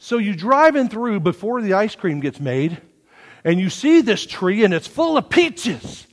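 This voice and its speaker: A man preaching in a church, his voice sitting high and leaping all over the place as he tells homespun stories. He drops to near whispers, then bursts out loud. The sound carries a long, echoing reverb from the sanctuary. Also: measured pace. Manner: folksy, animated preaching with sudden swings from hushed to loud. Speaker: pastor. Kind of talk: sermon.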